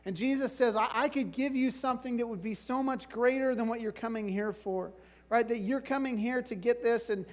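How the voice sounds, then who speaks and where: A man's voice: extremely high pitch, brisk. A male pastor preaching a sermon in a casual, conversational way, often checking in with "right?" and "like".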